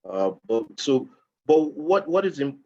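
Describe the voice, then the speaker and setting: A man on a webinar panel who speaks haltingly as he starts to answer. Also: fairly high pitch, sing-song, darkish tone, dull audio. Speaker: panelist, former finalist.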